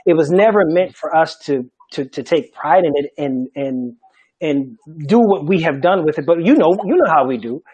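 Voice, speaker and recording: Animated high-voiced man from Charleston. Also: normal speed, slightly rough, rough recording. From Charleston, South Carolina. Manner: animated, emphatic, laughs often. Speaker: Gullah language teacher. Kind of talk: panel talk.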